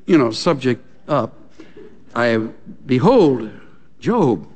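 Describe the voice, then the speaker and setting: A man's voice: a little high, slow, a faint crowd. An older man preaching a sermon, telling stories with laughter and acting out little scenes as he goes. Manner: animated storytelling with laughter and acted-out asides. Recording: long reverb from a large hall.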